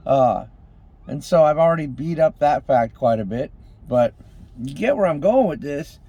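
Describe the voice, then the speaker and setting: A man giving an impassioned motivational monologue, swinging between loud exhortation and hushed intensity, calling on the listeners as ladies and gentlemen. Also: on the high side, no echo. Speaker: street preacher-style motivational speaker.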